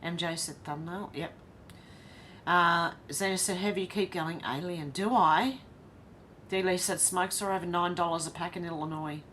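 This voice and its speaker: A woman's voice: fairly low pitch, steady tone, moderate pace, a bit bright, slight background noise. An Australian woman hosting a casual live stream. She reads viewer comments aloud and chats back to them.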